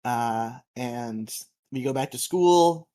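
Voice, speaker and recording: A man in the middle of a casual podcast recap, his voice sitting at an ordinary middle pitch. He talks loosely, laughs a lot and breaks into hummed theme tunes between plot points. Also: takes it slowly, dark tone. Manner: laughs often, hums theme tunes, chatty. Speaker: podcast co-host.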